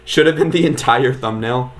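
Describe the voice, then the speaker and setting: A man's voice: mid-range voice, normal speed, slight background noise. A man streaming a video game, chatting casually with viewers in a laid-back, filler-heavy way. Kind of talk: casual live-stream commentary.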